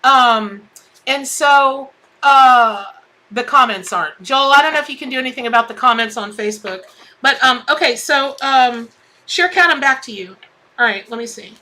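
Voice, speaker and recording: A woman's voice: high voice, normal speed, pushed and bright. A woman hosting a live tarot stream, chatting in a bubbly way and greeting viewers by name. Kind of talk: casual live-stream chat.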